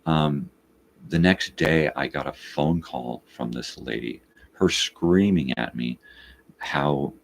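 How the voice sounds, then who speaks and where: Deep gravelly dude ranting thru a story, swears a lot, does all the back and forth himself. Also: male voice, slow pace. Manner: profane, exasperated storyteller; animated, acts out both sides of the quoted talk. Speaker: live morning show host. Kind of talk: casual storytelling monologue.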